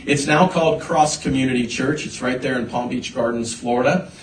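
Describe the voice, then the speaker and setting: A man preaching a sermon, telling a personal story with halting restarts before building to emphatic points. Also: mid-range voice, slight background noise. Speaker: pastor. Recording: echoey hall, voice from a distance.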